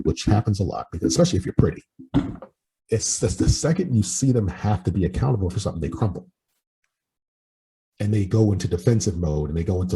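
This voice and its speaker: A man's voice: lowish voice, animated, brisk, gravelly, long pauses, dark tone, slightly rough, rough recording. A man in his forties talking bluntly in casual podcast chat, giving strong opinions with some swearing. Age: 40s. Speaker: podcast host and life coach.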